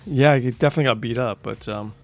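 A man hosting a casual beer-tasting podcast, losing his voice and talking in a relaxed, hesitant way with lots of fillers. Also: mid-range voice, fast talker, soft background music. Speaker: podcast host.

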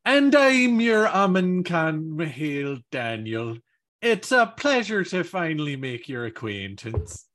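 Male co-host, theatrical and mock-formal, lively unhurried delivery. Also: a little high. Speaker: podcast co-host. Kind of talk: casual chat.

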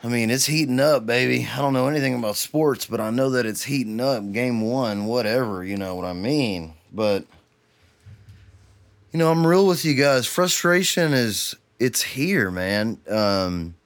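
A young man from Texas hosting a solo podcast, ranting with heavy swearing and then sinking into a tired, low murmur. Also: lively intonation, a little slow. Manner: profane, heated ranting that cools to a weary murmur. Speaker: podcast host.

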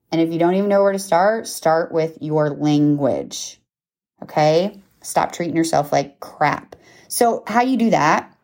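A woman in her thirties with a lowish, darkish voice hosts a podcast, delivering a casual motivational talk. She punctuates it with emphatic check-ins like "okay?" and "right?" and laughs at herself now and then.

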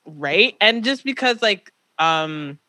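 A woman's voice: medium pitch, lively intonation, slow, pushed and bright, dry recording. A woman from Toronto co-hosting a podcast, chatting casually and animatedly, teasing her co-host with pressing questions. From Toronto, Canada. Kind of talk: casual chat.

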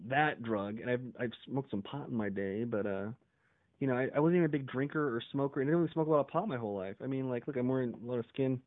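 Male podcast host, loose profane storyteller, middle pitch, dry and tinny like a phone line. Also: dry recording. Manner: rambling, profane, laughs often, acts out quoted yelling. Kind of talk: casual storytelling monologue. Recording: dry, phone-like narrow sound.

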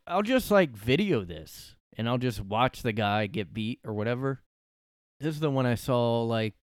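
A man's voice: medium pitch, clear, resonant tone, no room sound, studio quality. A man hosting a solo podcast from his room, ranting sarcastically and swearing a lot. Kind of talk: casual ranting monologue.

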